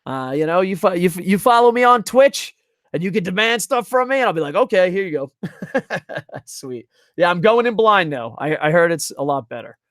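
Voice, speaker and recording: A man's voice: high-pitched, animated, normal speed, a bit bright, no echo, studio quality. A young man casually reviewing wrestling on a live stream at a home desk microphone, rambling, swearing and reading chat messages aloud.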